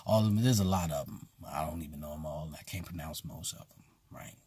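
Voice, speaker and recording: A man's voice: extremely low pitch, fast talker, mellow, breathy edge, dry recording. A man who teaches at a voodoo temple, talking bluntly and casually with emphatic repetition. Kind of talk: casual spoken commentary.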